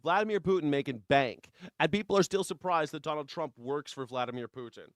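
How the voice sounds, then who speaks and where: A man hosting a live news reaction show, profane and mocking, at times slipping into a soft taunting croon. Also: on the high side, fairly quick, clean tone, dry recording, studio quality. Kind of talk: live political commentary.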